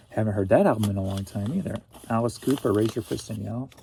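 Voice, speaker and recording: A man's voice: fairly low pitch, quick pace, vocal fry, hardly any pauses, dark tone, a little hiss or hum. A man from St. Louis, Missouri, a reseller vlogger chatting casually in a rambling, jokey way. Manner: rambling and jokey, laughs often. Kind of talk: casual chat.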